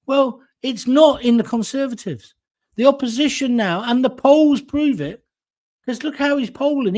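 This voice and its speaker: A man's voice: very high voice, darkish tone. An older man from England hosting a political talk show, delivering a blunt, opinionated monologue with sarcastic asides. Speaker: host.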